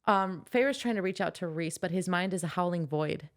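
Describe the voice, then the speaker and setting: A woman's voice: lowish voice, moderate pace. A woman co-hosting a casual book podcast, retelling scenes and acting out characters' lines. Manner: animated retelling, acts out quotes. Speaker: podcast co-host. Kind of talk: casual book-club chat.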